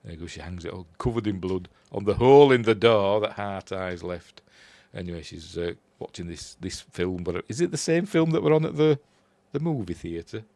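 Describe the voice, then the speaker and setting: A low-pitched, expressive man with a Yorkshire accent talks through a horror film's plot as a casual reviewer, rambling, chuckling, and raising his voice to quote characters. He keeps a moderate pace with hardly any pauses, and his darkish tone comes through without echo.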